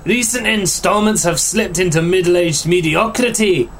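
A man's voice: high-pitched, normal speed, a bit bright, slight background noise, voice pushed up. A man reading magazine text aloud in a put-on Scottish accent, hammy and drawn out.

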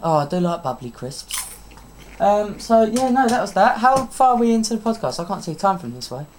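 A woman's voice: mid-range voice, big pitch swings, darkish tone, slight background noise. Teasing young woman co-host. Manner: bossy, teasing, quick to laugh. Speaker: podcast co-host. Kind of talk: casual podcast banter.

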